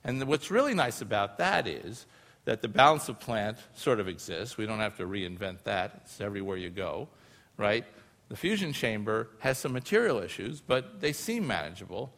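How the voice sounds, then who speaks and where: A man's voice: lowish voice, very animated, normal speed, a bit bright. A man giving a live public science talk to an audience, explaining in a casual, conversational way with frequent asides and tag questions. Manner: casual and explanatory, often using filler phrases and tag questions. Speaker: lecturer presenting research. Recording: long reverb from a large hall.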